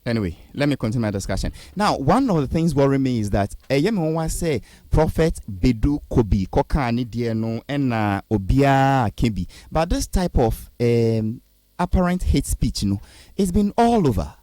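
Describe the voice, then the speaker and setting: Ghanaian radio host reading comments. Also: male voice, medium pitch, normal speed, no room sound. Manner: reads out comments, tries to calm guest. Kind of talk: radio talk show hosting.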